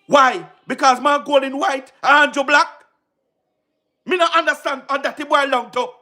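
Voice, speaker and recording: A man's voice: very high voice, moderate pace, sharp tone. A man with a Jamaican accent delivering passionate political commentary on a livestream, emphatic and repetitive, asking rhetorical questions. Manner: emphatic and repetitive, frequent rhetorical questions, laughs between points.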